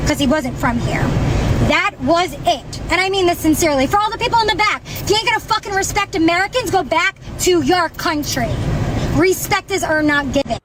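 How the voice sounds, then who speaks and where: A woman's voice: very high-pitched, brisk. A young woman telling a heated, profane story to the camera from a parking lot. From New York. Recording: car and street noise behind.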